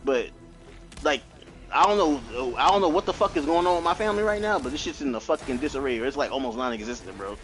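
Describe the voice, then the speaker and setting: A man in his thirties on a podcast, telling family stories in an animated, profane way with lots of laughs. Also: medium pitch, fast, faint music behind, rough recording. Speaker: podcast co-host. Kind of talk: casual chat.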